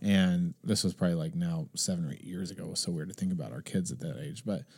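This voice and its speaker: A man in his thirties on a podcast, telling a story in casual chat and acting out the other people in high voices. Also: fast talker, darkish tone, husky. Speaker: podcast co-host.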